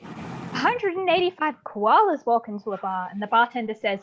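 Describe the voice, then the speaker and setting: High-voiced woman telling an animated joke. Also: brisk, a little hiss or hum, rough recording. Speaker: improv performer. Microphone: video call.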